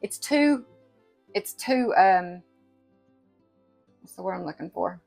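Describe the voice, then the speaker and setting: A woman's voice: on the low side, lively intonation, slow, gravelly, darkish tone, faint music behind. A woman giving an unscripted, rambling home kitchen demonstration, folksy and self-interrupting. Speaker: home cooking instructor.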